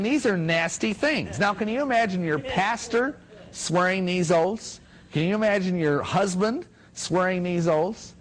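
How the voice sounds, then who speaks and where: A middle-aged man with a high voice gives an animated, jokey talk to an audience, telling stories and acting out quotes as he goes. The audio is poor, with slight background noise.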